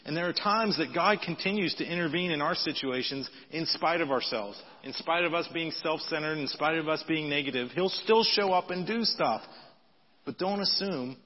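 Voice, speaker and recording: A man preaching a sermon in a conversational style, reading scripture aloud with lively emphasis. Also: a little high, breathy edge. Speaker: pastor. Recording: dull audio with long hall reverb.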